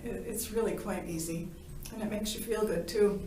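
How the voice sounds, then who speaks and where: A woman's voice: mid-range voice, normal speed, darkish tone. Laughing woman telling her story in a roomy space. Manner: playful, laughs often, acts out dialogue. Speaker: near-death experience witness. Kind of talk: animated personal storytelling. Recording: roomy, from a distance.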